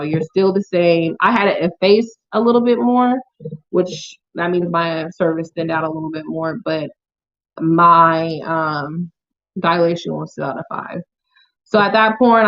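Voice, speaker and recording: A young woman vlogger telling her birth story in a chatty, emotional way, often talking straight to her viewers. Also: on the low side. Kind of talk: casual storytelling to camera. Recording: dull lo-fi home video sound.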